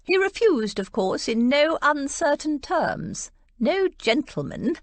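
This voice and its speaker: A woman's voice: sits high, very animated, takes it slowly, pitched above the performer's own voice, heavily acted. A woman voicing a bossy, sardonic elderly aunt in an audiobook, haughty and cutting. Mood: smug.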